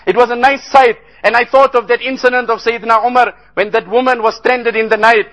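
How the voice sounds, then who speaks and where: A man's voice: extremely high pitch, fairly even intonation, fairly quick, a bit bright, rough recording. A man giving an earnest sermon about a relief trip, telling stories and rising into impassioned appeals. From South Africa. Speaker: Islamic speaker.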